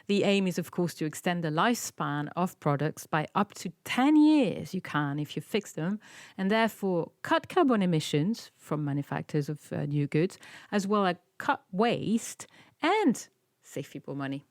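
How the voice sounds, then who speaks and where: A woman's voice: fairly low pitch, very animated, moderate pace, no room sound, clean studio sound. A woman with a French accent co-hosting a podcast, chatting casually and upbeat about news stories. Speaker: podcast co-host.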